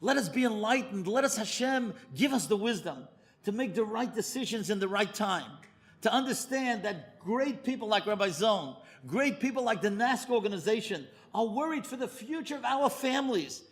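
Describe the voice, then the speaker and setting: Animated high-voiced rabbi telling a story. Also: male voice, normal speed. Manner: animated storyteller, pitch leaping high for emphasis. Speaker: rabbi giving a lecture. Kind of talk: storytelling sermon.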